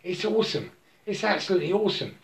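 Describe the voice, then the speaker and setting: A man giving a halting, repetitive spiritual monologue, breaking into chanted mantras and laughing to himself. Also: sits high, lively intonation, creaky.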